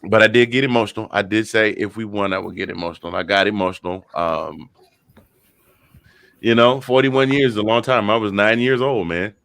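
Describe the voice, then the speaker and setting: A man in his fifties, an excited podcast guest, telling stories and acting out quotes, short on sleep. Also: fairly low pitch, fairly quick, vocal fry, clean tone, dry recording. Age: 50s. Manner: animated storyteller who acts out quotes. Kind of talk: excited casual chat.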